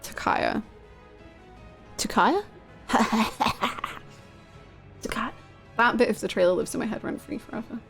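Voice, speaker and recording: A woman's voice: mid-range voice, fast, creaky, a bit bright, soft background music. A woman live-streaming, chatting casually with her viewers, gushing and swearing freely. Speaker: game streamer.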